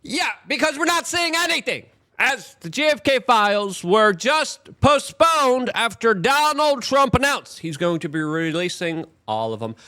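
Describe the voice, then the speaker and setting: A young man delivers an angry, exasperated news rant in a high voice that swings wildly up and down. He hammers every point with emphasis. The sound is dry and close, with no room around him. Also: fairly bright tone, dry recording. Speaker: commentary show host. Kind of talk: ranting news commentary.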